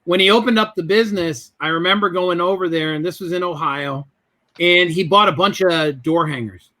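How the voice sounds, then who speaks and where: Man, guest, high voice, bright tone, storytelling, plays out dialogue. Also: normal speed. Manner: animated, acts out both sides of conversations. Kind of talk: storytelling in a business interview.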